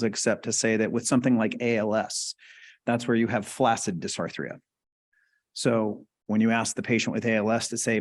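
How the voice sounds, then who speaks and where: A man giving a conversational lecture in a webinar, casually explaining and often checking in with "right?" and questions to the audience. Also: medium pitch. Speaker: webinar presenter.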